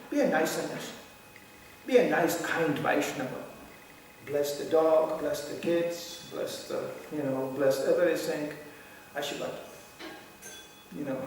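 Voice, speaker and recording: A man's voice: fairly high pitch, unhurried, long pauses, a little hiss or hum. Chuckling older man lecturing. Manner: chuckles often, animated storytelling. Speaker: spiritual teacher. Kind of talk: devotional lecture. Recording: echoey hall from far off.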